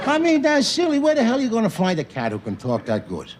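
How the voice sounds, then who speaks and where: A middle-aged actor playing a loud, blustering, opinionated working-class husband in a sitcom. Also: male voice, extremely high pitch, huge pitch swings, fast, heavily acted. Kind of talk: sitcom acting. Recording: noisy old TV sitcom audio.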